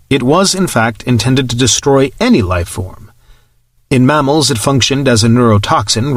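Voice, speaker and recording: A level, clipped shipboard computer, as a male narrator puts it on, formal and exact in every sentence. It speaks in measured military phrasing with a dry, close sound and no room around it. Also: mid-range voice, no room sound, close to an everyday voice. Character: calm precise starship computer, male.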